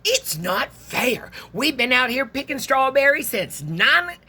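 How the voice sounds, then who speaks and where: A woman voicing a group of indignant farm workers complaining about their pay, in a whiny, drawn-out way. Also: high voice, big pitch swings, bright, forceful tone, husky, pitched above the performer's own voice, exaggerated voice. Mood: aggrieved. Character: grumbling early-morning farm workers, indignant.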